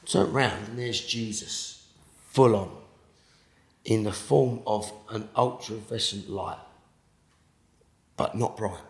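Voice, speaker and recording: A man with a British accent giving an emotional personal testimony in an interview, halting and repeating words, sinking to a hush at the most intense moments. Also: fairly low pitch, gravelly, roomy sound. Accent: British English. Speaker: interviewee telling his testimony.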